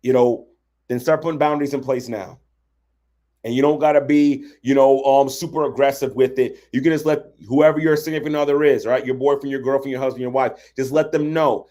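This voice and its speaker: A man with a warm, mid-range voice and fairly even intonation coaches viewers on relationship boundaries during a livestream. He speaks a little fast, conversationally, and frequently asks "right?".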